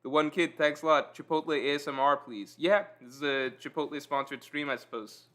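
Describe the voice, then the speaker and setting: Man, livestream host, bright forceful voice, relaxed banter with chat, eating between lines. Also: a little high, fairly quick. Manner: relaxed, self-deprecating, reads out chat comments. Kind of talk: casual chat with live viewers.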